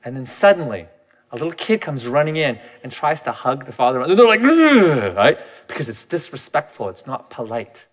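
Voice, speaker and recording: A man's voice: mid-range voice, big pitch swings, fairly quick. A man in his thirties giving a candid, self-deprecating personal talk, often restarting his sentences.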